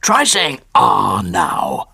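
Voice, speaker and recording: An actor voicing a dry-witted male bear doctor in a cartoon, brisk and matter-of-fact. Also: on the low side, huge pitch swings, vocal fry, pushed and bright, breathy edge, heavily acted.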